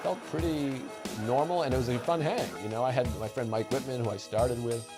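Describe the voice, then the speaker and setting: A comedian from New England reflecting on a hometown show in a halting, modest interview voice. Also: male voice, mid-range voice, fairly even intonation. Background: music.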